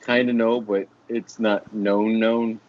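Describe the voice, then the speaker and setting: A man's voice: lowish voice, flat delivery, takes it slowly. A man joking around in casual podcast chat, often hesitating mid-sentence. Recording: muffled, noisy line.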